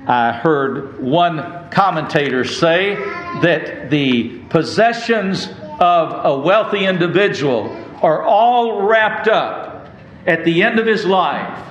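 Man, preacher, sermon, slightly high voice, roomy echo. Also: fairly bright tone, a little hiss or hum. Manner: slow, emphatic preaching with drawn-out quoted verses.

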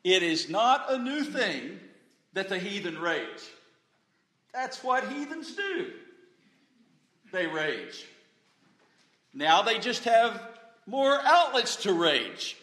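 A man preaching a sermon at a slow, deliberate pace in a slightly high voice. He surges to loud emphatic peaks and then sinks to low, quiet asides, stumbling into repeated restarts. The room rings with echo. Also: very animated. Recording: echoey room.

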